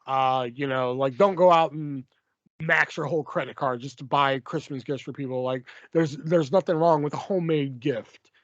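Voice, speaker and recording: A man's voice: a little high, moderate pace, dry recording, lo-fi sound. A man hosting a casual podcast, chatting loosely and swearing freely as he reads listener questions. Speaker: podcast host.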